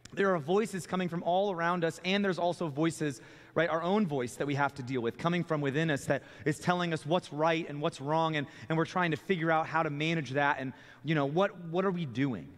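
A young man, a student ministry pastor, preaching a sermon in a relaxed conversational way and often repeating words as he starts a phrase. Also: fairly high pitch. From Texas. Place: church sanctuary. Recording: long reverb of a church hall.

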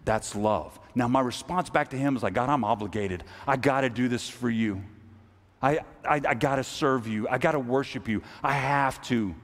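A man's voice: mid-range voice, big-room sound. A man preaching a conversational sermon in a church service, talking casually with many restarts and acting out little everyday scenes. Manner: casual, halting, with many restarts and acted-out asides. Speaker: pastor.

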